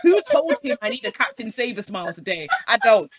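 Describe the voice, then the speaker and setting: A woman's voice: a little high, fairly quick, husky. A young woman, co-hosting a casual chat and telling stories with acted-out exchanges. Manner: animated storytelling, acting out quoted exchanges. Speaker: podcast co-host. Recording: dull lo-fi sound.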